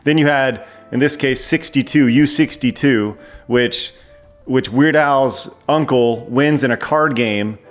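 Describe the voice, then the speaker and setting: A man chatting excitedly as a guest film reviewer, rambling with frequent restarts. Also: medium pitch, takes it slowly, soft background music. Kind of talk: casual film review chat.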